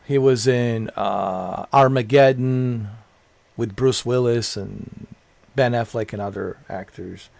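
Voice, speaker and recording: A male game streamer talks unhurriedly in casual live-stream chatter. He rambles, circles back to repeat himself and swears offhandedly. His voice sits at an ordinary middle pitch. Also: slow pace, creaky, darkish tone, no echo.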